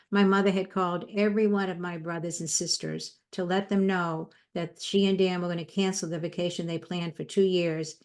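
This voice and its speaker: Woman, fifties or older, slightly low voice, conversational, motivational talk, personal anecdotes. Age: 50s or older. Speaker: psychotherapist and speaker.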